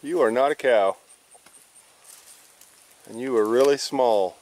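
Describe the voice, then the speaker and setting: A man's voice: medium pitch, slow pace, darkish tone. A man ranting bluntly and profanely in a casual vlog, recorded outdoors in a rural yard. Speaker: vlogger.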